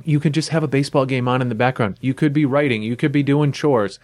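Relaxed man co-hosting, dry sound. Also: medium pitch, quick pace, no room sound. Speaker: podcast co-host. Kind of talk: casual chat.

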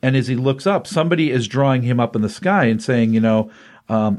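A man hosting a comics podcast and retelling a comic book story in a loose, conversational way, dipping in and out of quoted lines. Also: medium pitch. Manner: animated storytelling with quick voiced quotes.

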